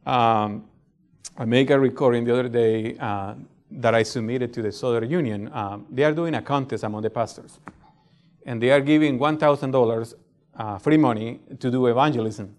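A man's voice: mid-range voice, normal speed, a little mellow. A middle-aged man with a non-native English accent, preaching a sermon in a conversational way and often checking in with "right?". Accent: non-native English speaker. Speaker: pastor.

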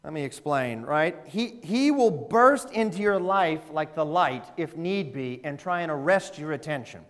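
A man preaching a sermon in a church, animated and conversational, often laughing and asking the audience questions. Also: on the high side, measured pace, few pauses. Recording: echoey hall reverb.

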